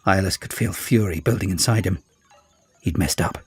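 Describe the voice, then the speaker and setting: A man reading an audiobook as narrator, in an expressive storytelling manner. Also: sits low, moderate pace, slightly rough, no room sound, faint music behind. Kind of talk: scripted narration.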